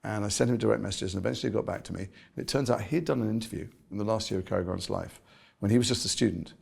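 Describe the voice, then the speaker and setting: A British actor telling stories in an interview, animated and self-mocking. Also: male voice, on the low side, rapid-fire, vocal fry, husky. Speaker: actor guest. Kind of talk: conversational interview.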